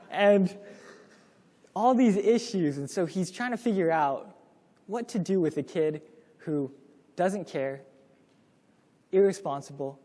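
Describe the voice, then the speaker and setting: A man's voice: high voice, lively intonation, unhurried, pauses often, warm tone. Young man telling a story in a hall. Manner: casual, storytelling, acts out quoted lines. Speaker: course presenter. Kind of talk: classroom talk to parents.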